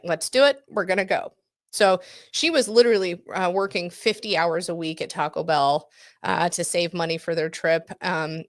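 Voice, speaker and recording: Low-voiced woman in casual podcast chat. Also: a bit bright, no echo, studio quality. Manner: chatty, lots of fillers and self-corrections, laughs easily. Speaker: podcast co-host. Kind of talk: casual true-crime chat.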